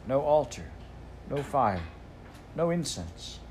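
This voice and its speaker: A man's voice: medium pitch, expressive, normal speed, faint music behind, natural voice. A man voicing a grand, vain phoenix. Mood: murmuring. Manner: gentle, complacent and stately. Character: grand, vain, solemn magical phoenix bird.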